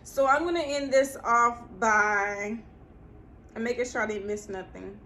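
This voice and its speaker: A woman's voice: a little high, a little slow, pushed and bright, a little hiss or hum. A young woman vlogging casually, giving earnest, preachy spiritual advice to her viewers.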